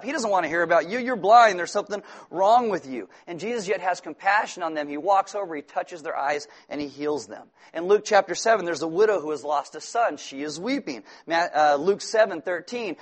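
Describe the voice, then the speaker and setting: A man with a high-pitched voice preaches a sermon. He keeps it lively with humorous asides and banter toward his congregation. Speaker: pastor.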